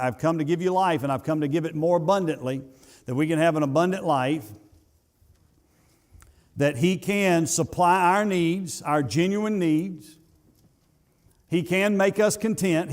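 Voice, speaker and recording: A pastor preaching a sermon in a church, building to emphatic peaks and then dropping to soft asides, with some halting repeats. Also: male voice, on the high side. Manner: halting repetitions. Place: church sanctuary.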